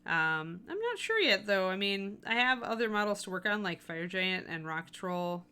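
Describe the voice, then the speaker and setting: Chatty woman with a bright, forceful voice. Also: medium pitch, big pitch swings, moderate pace, smooth. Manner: chatty, thinking aloud with frequent fillers. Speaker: miniature painting stream host. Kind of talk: casual live-stream tutorial talk.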